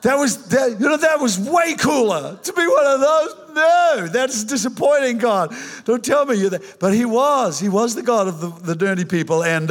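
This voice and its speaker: An older man preaching a sermon, telling his own conversion story in an animated, joking way with many restarts. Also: high voice. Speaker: pastor. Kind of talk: sermon with personal testimony. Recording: reverberant hall.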